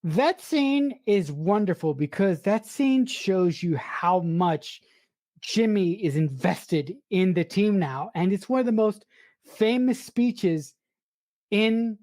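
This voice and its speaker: A woman's voice: medium pitch, lively intonation, measured pace, warm tone, no echo. A woman co-hosting a casual movie review podcast, emphatic and blunt, restarting and swearing when she gets worked up. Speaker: podcast co-host.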